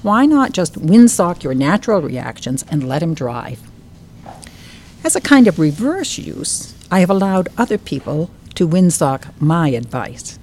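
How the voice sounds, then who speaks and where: Older woman author, low mellow voice, expressive reading, faint room noise. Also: a little slow. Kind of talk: reading from her book, then interview chat. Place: bookstore.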